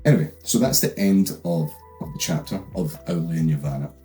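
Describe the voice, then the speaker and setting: A man's voice: low-pitched, expressive, fairly quick, dark tone, faint music behind. A young Scottish man hosting a comedic book recap, rambling with lots of fillers and swearing. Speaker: host.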